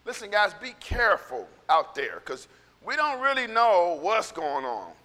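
A man's voice: high voice, wildly swooping pitch, a little slow, sharp tone. Fervent preacher man in an echoing hall. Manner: rambling, repeats words, builds to fervent preaching. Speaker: pastor. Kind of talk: casual sermon storytelling. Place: church sanctuary. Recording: long hall reverb.

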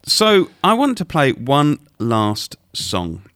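Lively-voiced man co-hosting radio chat. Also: medium pitch, slow pace, clear, resonant tone, no room sound, clean studio sound. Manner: relaxed, chatty, introducing tracks. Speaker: radio show co-host. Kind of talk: casual chat.

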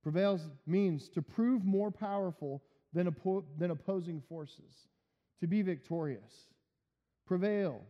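A man preaching a sermon, explaining a scripture verse step by step and building to emphatic high points. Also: unhurried. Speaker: pastor. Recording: long reverb, dull lo-fi sound.

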